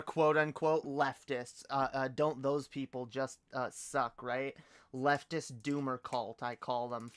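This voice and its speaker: A man's voice: mid-range voice, fairly even intonation, unhurried, a bit bright, clean tone. A man from Canada chatting casually on a livestream, swearing a lot and stumbling through rambling restarts. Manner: profane, rambling, stammering restarts. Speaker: streamer.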